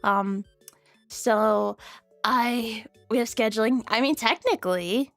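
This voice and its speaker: A young adult woman streaming, chatting casually with viewers, rambling and giggly, swearing freely and jumping into squeaky high bits. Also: takes it slowly, fairly bright tone, dry recording, soft background music.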